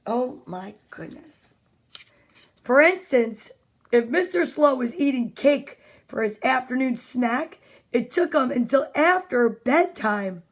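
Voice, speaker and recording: A woman's voice: high voice, lively intonation, slow pace. A woman reading children's storybooks live from home, playful and chatty, greeting her viewers by name between pages. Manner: playful, exclaims over the pictures.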